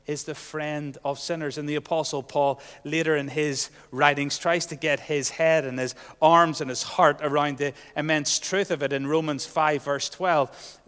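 A man preaching a sermon, earnest, swinging from loud proclamation to soft, hushed asides. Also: on the high side, long reverb tail.

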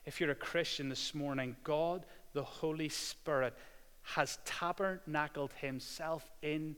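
Man, preacher, sermon, smooth clear voice, slightly high pitch. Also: fairly even intonation, a little slow. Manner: swings between loud proclamation and hushed intimacy. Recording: hall reverb.

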